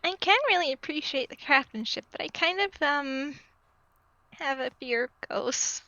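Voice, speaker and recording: A woman voicing a shy, glitter-loving young toon who speaks haltingly. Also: sits high, expressive, pushed and bright, no room sound, dull audio. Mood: timid.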